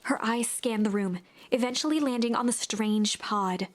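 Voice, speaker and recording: A woman narrating a story-driven game in a measured, gentle storytelling voice. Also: a little high, natural voice.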